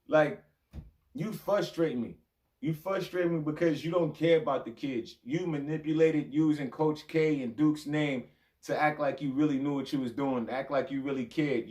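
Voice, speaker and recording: A former college player ranting straight at his old coach, heated, full of slang, and repeating lines for emphasis. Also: on the high side. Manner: heated, addressing the coach directly as "you". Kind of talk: direct-to-camera rant.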